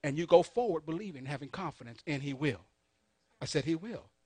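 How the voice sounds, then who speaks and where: A man preaching a sermon, calling on the congregation to answer back, swinging between soft asides and loud emphatic peaks. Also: a little high, lively intonation, a little fast, slightly rough, no echo. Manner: call-and-response preaching, urging the congregation. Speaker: pastor.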